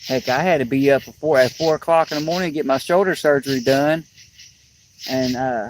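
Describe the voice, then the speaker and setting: A man's voice: mid-range voice, fairly quick, poor audio. A sleepy, yawning man rambling to his livestream viewers outdoors on a riverbank, in a drawling, plainspoken way. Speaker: fishing livestreamer. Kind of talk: rambling casual chat to viewers. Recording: outdoor clip with loud insect noise.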